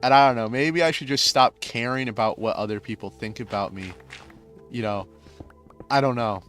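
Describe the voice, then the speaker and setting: A man's voice: medium pitch, moderate pace, a bit bright, faint music behind. Rambling young man venting casually. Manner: rambling, heavy filler words. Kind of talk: casual venting while playing a game.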